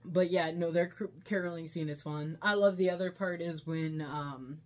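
A woman's voice: fairly low pitch, fairly even intonation, moderate pace. A woman reviewing a movie in casual chat, laughing often as she retells scenes.

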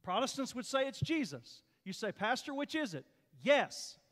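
In a church sanctuary, a male pastor delivers an emphatic, repetitive sermon whose force swells and ebbs. His very high voice swings widely in pitch at a normal speed, with a fairly bright tone and a long reverb tail.

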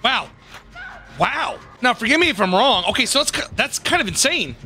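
A man giving casual, excitable gameplay commentary as a gaming YouTuber, swearing and laughing often. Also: extremely high pitch, moderate pace.

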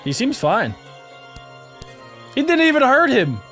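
A playful young man trades jokes in a reaction video. His voice is high and lively, with music underneath. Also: a little slow. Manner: playful, joking. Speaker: co-host.

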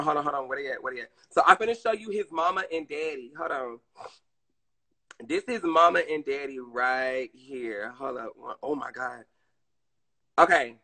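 A man's voice: a little high, measured pace, pushed and bright, rough recording. A man with a Southern US accent chatting casually on a live stream, addressing viewers and reading chat. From Southern United States.

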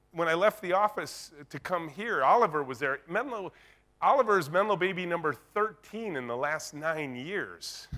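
Guy on a conference stage telling stories, bright forceful voice, acts out the quotes. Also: a little high. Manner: lively storyteller acting out dialogue. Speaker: keynote speaker. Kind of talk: conference keynote storytelling.

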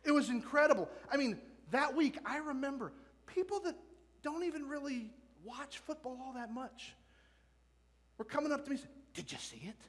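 A man with a high voice preaches a sermon in a church sanctuary, and the room gives his words a long reverb. He keeps the congregation involved with questions and light jokes. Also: normal speed. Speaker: pastor.

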